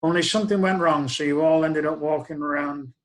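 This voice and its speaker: A man's voice: a little high, fairly even intonation, a little fast, low-quality recording. A man, telling a wry, reflective personal story in a conversational way. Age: 60s. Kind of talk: spoken-word storytelling.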